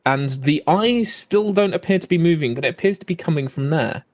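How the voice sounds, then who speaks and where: A man's voice: a little high, lively intonation, a little fast. A man narrating a tabletop game as game master, hesitant with many fillers.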